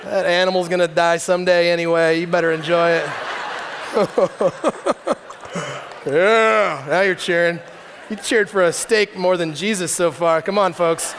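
A male pastor in his thirties delivers a sermon with an animated, joking storyteller's manner. His voice sits high for a man. A long reverb trails every phrase, as if he is speaking in a large hall before a congregation. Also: unhurried, pauses often, a little hiss or hum.

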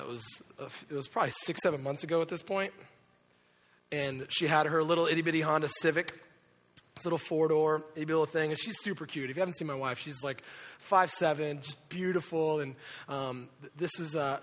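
A man preaching a sermon, telling a personal story with lively asides and quick impressions of the people in it. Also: fairly high pitch. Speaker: pastor. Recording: reverberant hall.

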